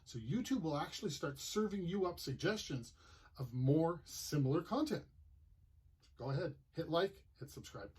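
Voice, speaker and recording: A man's voice: on the high side, expressive, moderate pace, darkish tone, slightly rough. A man from Manitoba hosting a gardening channel, talking in a chatty, plainspoken way and telling stories. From Manitoba, Canada. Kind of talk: casual explanatory vlog.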